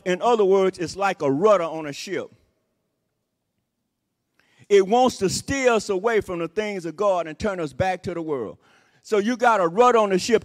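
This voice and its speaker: A man preaching a sermon as associate pastor, repeating his points with emphasis and breaking in with "Amen" and "Praise the Lord.". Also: high voice. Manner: repetitive emphatic phrasing. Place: church sanctuary. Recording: long reverb of a church hall.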